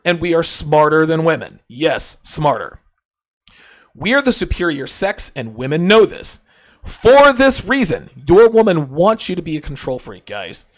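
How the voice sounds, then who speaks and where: Brash crude guy lecturing his listeners, voice jumps up and down a lot, bit high for a man. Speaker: podcast host.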